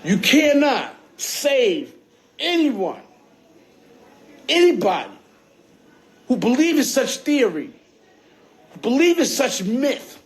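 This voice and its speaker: A man's voice: very high voice, big pitch swings, slow, long pauses. A man telling a story on a phone livestream, rambling and profane, and often checking in with his listeners. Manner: profane, streetwise, keeps checking in with "you heard?".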